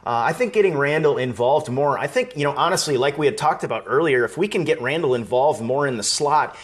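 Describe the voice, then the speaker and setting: Hosting a live fan stream, a man from Wisconsin talks in a medium-pitched, animated voice at a fairly quick pace. He chats casually, reads viewer comments aloud, and laughs easily.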